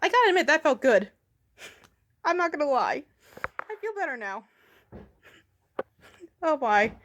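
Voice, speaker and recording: Brief: woman commentator on the high side, sarcastic and cutting, hesitant fillers between barbs. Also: very animated, unhurried, noisy background. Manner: sarcastic, profane, with frequent ums. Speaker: commentator responding to a video. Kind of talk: casual commentary rant.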